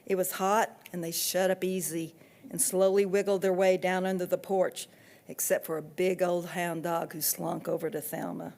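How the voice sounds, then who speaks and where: Woman, author, reading her own novel, expressive steady storytelling. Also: lowish voice, moderate pace, gravelly.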